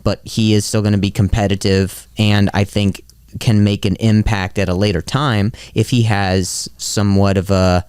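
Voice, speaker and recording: A man co-hosting a casual sports podcast, fired up and walking through numbers. His voice is smooth and resonant, recorded close and dry with no room sound. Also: lowish voice, moderate pace, dry recording. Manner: excitable, repeats catchphrases, walks through stats. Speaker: podcast co-host.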